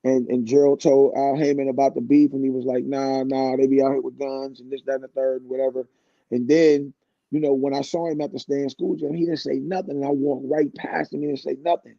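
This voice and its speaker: A creaky, dark mid-range voice comes through with the highs cut off and no room sound. The speaker, a guest singer in his fifties on a radio show, rambles through a long, laid-back story, restarting frequently.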